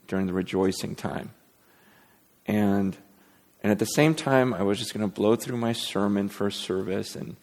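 This pastor's fairly low, gravelly voice has a slightly mellow quality, trailing off into long reverb in the church sanctuary. Preaching to his congregation, he speaks openly, wanders from point to point, makes fun of himself, and often starts over.

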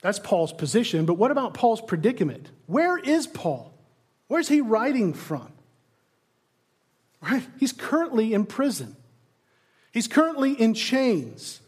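Very animated yet a little slow, a high-voiced pastor delivers his sermon with long pauses in a slightly rough voice. His earnest preaching is full of rhetorical questions to the congregation, and he occasionally trips over repeated words as he drives a point home.

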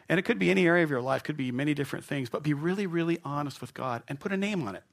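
A man's voice: a little high, expressive, racing, creaky, hardly any pauses. A male pastor preaching a sermon in a church, conversational and playful, acting out the voices of doubters. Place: church sanctuary.

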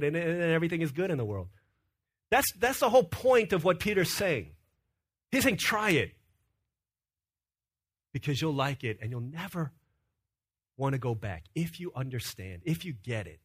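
A young man preaching a sermon, telling stories in an animated way and often repeating words as he starts a sentence. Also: on the high side, moderate pace, long pauses, breathy edge.

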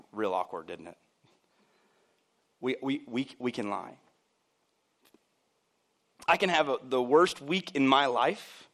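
A man pastor preaching a sermon in a church, chatty and joking, acting out the voices of people he quotes. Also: mid-range voice.

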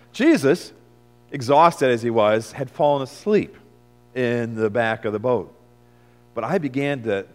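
A man preaching a dramatic first-person sermon as a weathered, shaken fisherman disciple, storytelling in swings from hushed to loud. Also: medium pitch, lightly acted. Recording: long reverb of a large hall.

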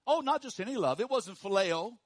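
Preacher man swinging hushed to loud. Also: expressive, a little fast, no room sound. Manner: swings from hushed low emphasis to loud high call-and-response. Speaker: pastor. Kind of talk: sermon.

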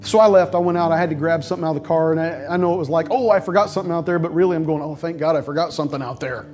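A man's voice: fairly high pitch, very fast, a little mellow, soft background music. Earnest middle-aged preacher man. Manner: earnest storytelling, repeats words as he builds. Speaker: pastor. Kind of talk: sermon.

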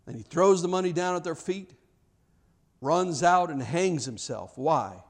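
Male preacher with a high, light voice; impassioned, emphatic sermon delivery with repeated words and rising cries. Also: lively intonation, measured pace.

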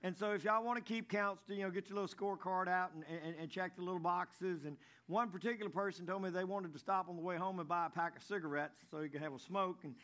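A man's voice: high voice, fairly even intonation, fast, hardly any pauses, fairly bright tone. A man preaching a folksy sermon, stumbling over and repeating words as he tells jokes. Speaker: pastor.

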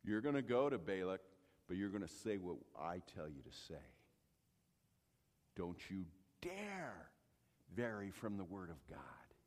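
A man voicing a stern angel who gives grave warnings in a deep, slow, solemn voice. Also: expressive, darkish tone.

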